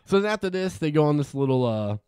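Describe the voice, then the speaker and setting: A man's voice: on the high side, sing-song, fast talker, a little mellow, smooth, dry recording, studio quality. A man co-hosting a podcast, casually retelling a film's plot in a rambling way and laughing often. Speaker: podcast co-host. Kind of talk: casual film review chat.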